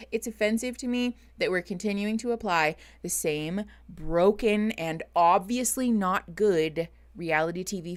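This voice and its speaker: A woman therapist chatting casually on a live stream, greeting viewers and laughing often. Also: on the low side. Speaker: therapist streaming reaction show.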